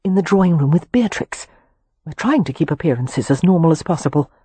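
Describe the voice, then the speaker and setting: A self-assured elder sister speaks firmly and soothingly in a romance audiobook, as a female narrator reads her part. The tone is a little husky and dry. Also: low-pitched, lively intonation, brisk, warm tone, no room sound. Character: confident, capable elder sister.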